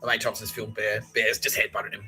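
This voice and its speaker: A man's voice: on the low side, level tone, fairly quick, sharp tone, soft background music, low-quality recording. An Australian man hosting a podcast, telling a rambling, profane story and acting out the people in it. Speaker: podcast host. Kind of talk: rambling comedic monologue.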